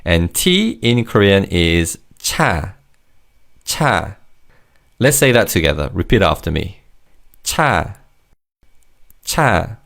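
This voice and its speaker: A man teaching vocabulary in a scripted lesson, modelling words slowly and clearly for learners to repeat. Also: deep voice, big pitch swings, fairly bright tone. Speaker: language teacher.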